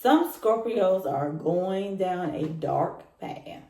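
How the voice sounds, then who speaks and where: A woman's voice: on the low side, animated, very slow, dark tone. A woman giving a casual tarot reading, speaking straight to the listener and repeating her points. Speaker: tarot reader. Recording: roomy echoey room.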